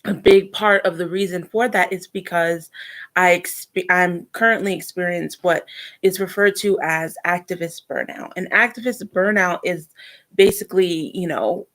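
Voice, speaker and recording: A young adult woman talking in a casual personal vlog, reflective and earnest, often pausing and restarting. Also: on the low side, fairly bright tone. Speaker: vlogger.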